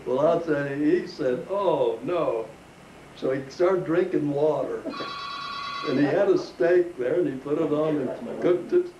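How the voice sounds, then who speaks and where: An older man speaks at normal speed in a warm, fairly high voice, chuckling through a folksy personal story for family in the living room. The sound is lo-fi, a roomy home recording from a distant mic with faint hiss.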